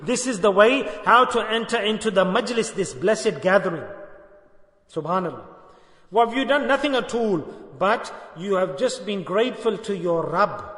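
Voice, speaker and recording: A man with a very high, sharply bright voice delivers an earnest sermon to a gathering, repeating phrases and asking his listeners whether they understand. He mixes Arabic devotional phrases into his English. The sound carries a long, roomy hall reverb. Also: expressive, moderate pace. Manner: earnest, repeats phrases, asks the audience questions. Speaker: Sufi sheikh teaching a dhikr gathering.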